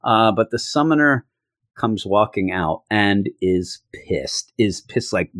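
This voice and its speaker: A man casually recapping a comic book issue, chatting loosely and acting out the characters in quick put-on voices. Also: sits low, animated, dry recording, studio quality.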